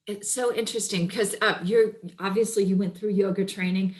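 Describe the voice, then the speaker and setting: A woman hosting an interview podcast, chatty and quick to laugh. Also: medium pitch, fairly even intonation, roomy sound. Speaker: podcast host.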